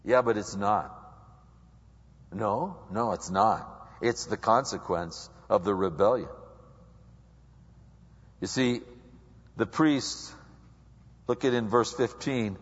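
Conversational preacher in an echoing hall. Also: male voice, takes it slowly, long pauses, slightly rough. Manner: conversational preaching, acts out listeners' voices with big pitch swings. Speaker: pastor. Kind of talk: sermon, reading and explaining scripture. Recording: muffled recording with long hall reverb.

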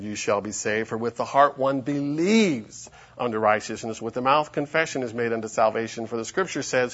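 A man preaching a sermon and reading scripture aloud, emphatic and animated. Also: mid-range voice, moderate pace, hardly any pauses, highs cut off.

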